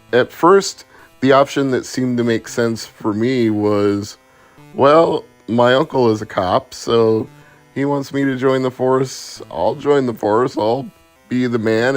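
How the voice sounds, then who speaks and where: A man reviewing homebrew video games, who retells his playthrough in a sardonic, chatty way. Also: mid-range voice. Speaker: game reviewer. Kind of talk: casual video game review.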